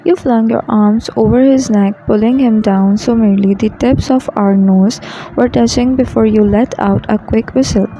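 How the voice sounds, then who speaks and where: A woman narrates a second-person romance story in a soft, intimate way. Her voice is mellow and a little high, with a light vocal fry. Quiet music plays faintly underneath. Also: steady tone, normal speed, slight background noise, poor audio. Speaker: fan fiction narrator.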